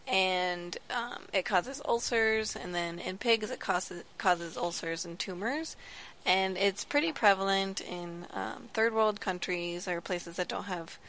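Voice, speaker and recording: A woman's voice: on the low side, fairly bright tone, a little hiss or hum. A woman in her twenties, a graduate student, chatting casually on a podcast with lots of "like" and "um". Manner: chatty storytelling, frequent "like" and "um".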